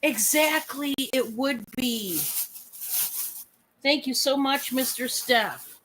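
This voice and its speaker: Brief: woman with a cold, hoarse and froggy, gushy live-sale host, bright forward tone, voice a touch high. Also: takes it slowly, slight background noise. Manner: chatty, laughing, gushing over items. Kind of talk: casual live selling chat.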